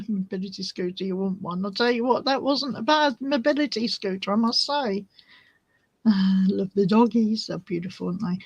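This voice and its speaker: A woman's voice: medium pitch, moderate pace, breathy edge, no echo, highs cut off. A woman hosting a crafting vlog, chatting casually and easily distracted while she shows her resin swatches. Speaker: crafting channel host.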